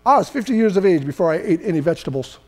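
Older california preacher guy, really high voice, chatty sermon that gets loud and shouty. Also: expressive, very fast. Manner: loose, conversational preaching that swells into emphatic shouting. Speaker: pastor.

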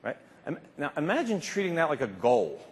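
A middle-aged man delivers a motivational keynote, animated and emphatic, his voice sitting a little high for a man. The sound rings with the long reverb of a large convention hall, and a faint hum of noise sits underneath. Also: a little fast. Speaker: keynote speaker.

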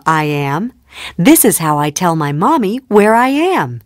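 A woman reading children's phonics rhymes in a slow storybook manner, acting out the letter sounds. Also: fairly low pitch, very animated, music in the background. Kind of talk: scripted narration for children.

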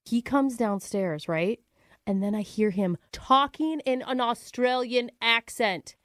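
A woman's voice: a little high, takes it slowly, fairly bright tone, no echo, clean studio sound. A woman radio host playing a dramatic, gossipy ex-wife on a prank call, telling her story breathlessly.

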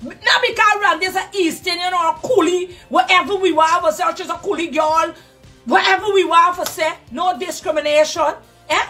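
Guyanese woman ranting, sharp and very high pitched, heated and cursing. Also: moderate pace, recorded from a distance, soft background music. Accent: Guyanese Creole. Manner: fiery, cursing, emotional. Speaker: social media commentator. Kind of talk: heated live rant.

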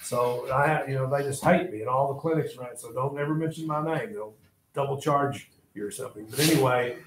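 A man's voice: mid-range voice, brisk, slight background noise. An older man lecturing a class, rambling and joking as he tells stories and turns to his students. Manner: rambling, jokey storytelling with asides to students. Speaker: history teacher.

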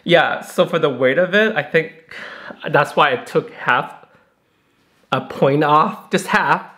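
A man, a professional hairstylist, reviewing a flat iron in a chatty, excitable, dramatic way. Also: a little high, slow pace. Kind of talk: casual product review vlog.

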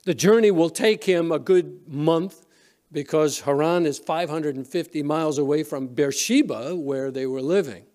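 In a church sanctuary, a male pastor preaches a sermon, retelling a story conversationally with quoted voices and frequent restarts. His voice is a little high and warm, at a normal speed.

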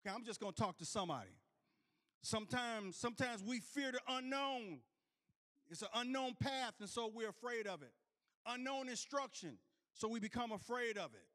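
High-voiced male preacher, repeating himself. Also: expressive, moderate pace, pushed and bright. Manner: repetitive restarts, calls out to the congregation. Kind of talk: storytelling sermon.

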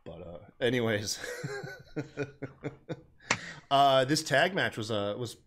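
A relaxed man co-hosting a chatty podcast, speaking at an ordinary middle pitch. He keeps things loose and jokey, with an easygoing, conversational flow. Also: slow, background noise. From American South. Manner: laid-back, jokey, acts out quotes in voices. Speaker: podcast co-host. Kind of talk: casual chat recapping wrestling.

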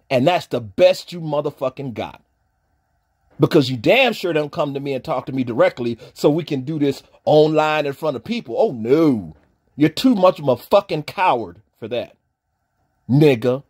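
A man, ranting on a livestream, profane and taunting, dropping from low mutters to loud shouting. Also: expressive, normal speed, breathy edge. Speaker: streamer pastor.

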